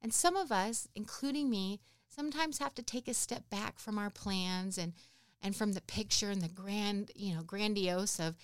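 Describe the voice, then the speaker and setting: Earnest encouraging woman, smooth voice. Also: medium pitch, moderate pace, no room sound, studio quality. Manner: earnest, encouraging, rambling with restarts. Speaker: podcast host. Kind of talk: reflective personal talk.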